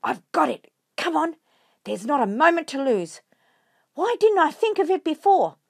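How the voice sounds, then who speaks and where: A woman voicing a brave, quick-thinking male fox father in a read-aloud storybook, urgent and commanding. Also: mid-range voice, animated, a little mellow, no echo, studio quality, lightly acted.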